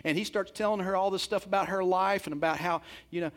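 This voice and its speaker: A man delivering a sermon in a fairly high voice. He retells the scripture in plain, casual speech, slipping into the characters' lines as he goes. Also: steady tone, fast, fairly bright tone. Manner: storytelling, retells scripture in everyday speech with acted quotes. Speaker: pastor.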